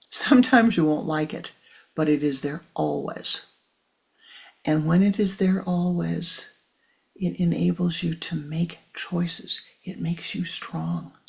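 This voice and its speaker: Woman spiritual teacher, slow soft guided talk, husky and whispery. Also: low-pitched. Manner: soft, measured, drops often to a hushed whisper.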